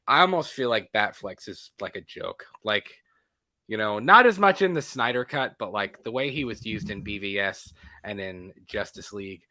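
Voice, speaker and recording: A man's voice: lowish voice, expressive, normal speed, sharp tone, dry recording. A man co-hosting a podcast in casual chat, laughing often and trailing off into restarts. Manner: laughs often, trails off and restarts, puts on a gravelly movie voice as a joke. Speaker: podcast co-host.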